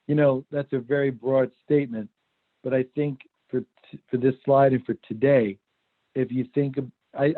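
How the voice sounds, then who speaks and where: Man presenting over a tinny call line. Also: mid-range voice. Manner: conversational storytelling. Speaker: workshop presenter. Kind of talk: online workshop talk. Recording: phone-like video call audio.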